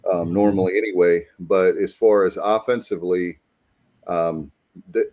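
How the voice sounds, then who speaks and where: Low-voiced, upbeat sports show host. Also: male voice, a little mellow. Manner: enthusiastic, addresses the panel directly. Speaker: podcast host. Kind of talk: casual sports talk.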